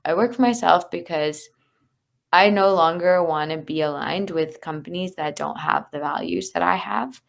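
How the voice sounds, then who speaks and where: Low gravelly-voiced woman, candid and earnest. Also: normal speed. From United States. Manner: candid, earnest, many fillers. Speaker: guest, leadership coach. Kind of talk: conversational interview.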